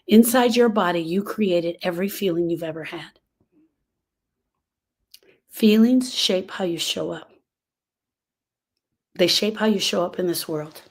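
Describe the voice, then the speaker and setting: A woman's voice: on the low side, a little slow, pauses often, poor audio. A woman grief coach talking listeners through coping tools, repeating key phrases for emphasis. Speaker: grief coach and podcast host. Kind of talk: coaching talk to camera.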